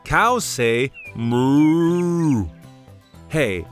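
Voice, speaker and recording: A goofy, forgetful grown-up cartoon guide, as a voice actor plays it, whose voice swings wildly up and down. The pace is slow and deliberate. Clear music plays behind the voice. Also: big pitch swings, full character voice. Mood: playful. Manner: warm, playful, teasing, exaggerated pitch swings. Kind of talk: cartoon voice acting for preschoolers.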